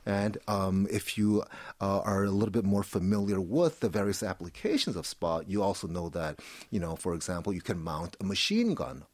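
Brief: lower-voiced male guest, dry close sound, explanatory and chatty with restarts. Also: expressive, normal speed, a little mellow, no room sound. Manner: keeps checking in with "right?", many fillers and restarts. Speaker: art commentator guest. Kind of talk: explanatory interview talk. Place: studio in Seoul.

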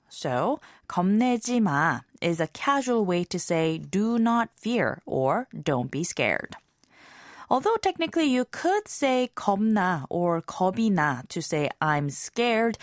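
A woman hosting a scripted language lesson, explaining phrases clearly and slowing down on key expressions. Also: on the low side, no echo, studio quality.

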